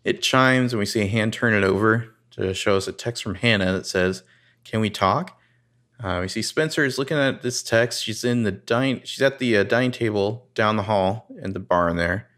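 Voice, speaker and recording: A man co-hosting a casual podcast, retelling a TV scene and acting out lines with lively rises. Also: fairly low pitch, moderate pace. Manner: narrates scenes and reads dialogue with animated rises. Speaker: podcast co-host recapping a TV episode. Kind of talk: casual chat.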